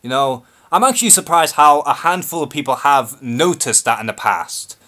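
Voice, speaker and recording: A man's voice: on the high side, lively intonation, normal speed, bright, forceful tone. A man from Liverpool with a Scouse accent, hosting a live-stream Q&A and speaking in a nervous, hesitant, unscripted way. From Liverpool, England. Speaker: YouTube channel host.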